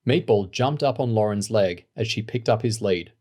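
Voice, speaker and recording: Low-voiced male audiobook narrator. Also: moderate pace, hardly any pauses, a little mellow. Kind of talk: scripted narration.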